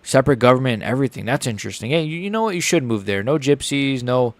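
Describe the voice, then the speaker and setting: A man streaming a live fight reaction, excitable and joking, often blurting out swear words. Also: medium pitch, quick pace, hardly any pauses, no room sound.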